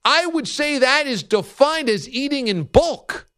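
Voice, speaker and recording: A man hosting a sports talk radio show, reading listener tweets and an ad in a fast, mocking banter. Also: very high-pitched, lively intonation, bright, forceful tone.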